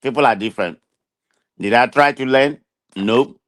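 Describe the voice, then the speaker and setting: A man with a thick Nigerian accent speaks emphatically and a little defensively, often stopping to restart his sentences. His voice sits at a middle pitch. The sound is dry and close. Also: normal speed, a bit bright, no room sound. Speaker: guest. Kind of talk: casual call-in chat.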